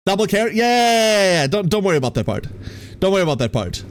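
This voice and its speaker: A man from Germany, a streamer chatting casually with his live audience, animated and giggly as he greets viewers by name. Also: high-pitched, quick pace.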